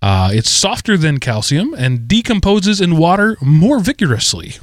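A man's voice: fairly high pitch, very animated, normal speed, no echo, clean studio sound. A middle-aged man co-hosting a podcast, telling stories in a rambling way and often correcting himself mid-sentence. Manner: rambling, self-correcting storyteller. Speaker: podcast co-host. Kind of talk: casual chat.

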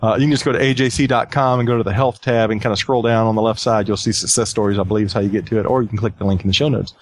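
A man's voice: lowish voice, fairly even intonation, racing. Chatty man hosting a podcast. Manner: chatty, repeats himself, laughs often. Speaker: podcast host. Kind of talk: casual podcast chat.

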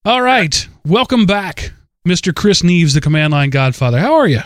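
A man's voice: sits high, very animated, normal speed, dry recording, studio quality. A man with a Southern US accent hosting a casual podcast, rambling and self-deprecating, talking in a stream of consciousness. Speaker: podcast host.

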